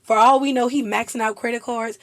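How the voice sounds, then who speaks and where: A woman's voice: on the high side, steady tone, fairly quick, a bit bright, dry recording. A young woman chatting casually and laughing often as a vlogger. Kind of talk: casual chat.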